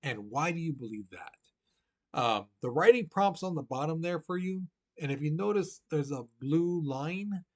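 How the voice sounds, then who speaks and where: Male history teacher, casual recorded lesson, chatty with fillers, questions to students, slightly high voice. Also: lively intonation, measured pace, darkish tone. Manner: casual, chatty, many fillers like "you know"; asks the students direct questions.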